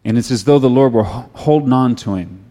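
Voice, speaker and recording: A man's voice: medium pitch, a little fast. Earnest, conversational middle-aged male preacher. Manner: conversational storytelling, then quiet earnest prayer. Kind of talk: sermon.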